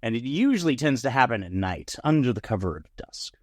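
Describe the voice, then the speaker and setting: A man's voice: medium pitch, big pitch swings, a little fast, no echo, studio quality. A man running a tabletop game as game master, narrating casually with plenty of fillers.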